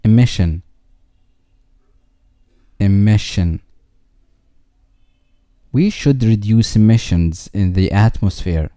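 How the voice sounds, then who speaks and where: A man reading English vocabulary words twice each, followed by a slow example sentence. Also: fairly low pitch, warm tone, dry recording, studio quality.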